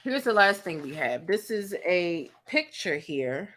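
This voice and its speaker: A woman's voice: fairly low pitch, big pitch swings, a little slow, a bit bright. A woman blogger giving sassy, slangy commentary, breaking down a celebrity feud and mimicking the people she quotes. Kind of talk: commentary vlog.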